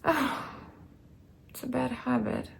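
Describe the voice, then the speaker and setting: Woman, actor, weary diary voice; fairly high, heavy vocal fry, soft and often whispering. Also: fairly even intonation, slow pace. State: weary, low on energy. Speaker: actor keeping a video diary. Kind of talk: late-night video diary.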